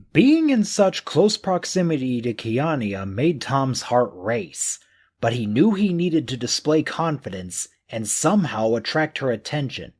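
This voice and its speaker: Husky-voiced man reading a novel. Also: mid-range voice, unhurried. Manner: expressive reading, acting out characters' thoughts. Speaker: audiobook narrator. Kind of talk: scripted audiobook narration.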